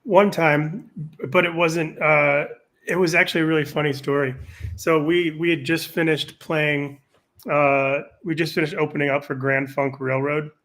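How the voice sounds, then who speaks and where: Male podcast guest, a touch higher pitched, loose rambling storyteller, casual chat. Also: fairly even intonation, normal speed, fairly bright tone. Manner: rambling anecdotal storyteller, frequent profanity.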